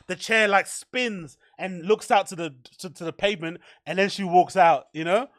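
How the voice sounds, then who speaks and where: A man hosting a podcast, rambling in mocking, profane, animated commentary. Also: high voice, no echo, clean studio sound. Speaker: podcast host.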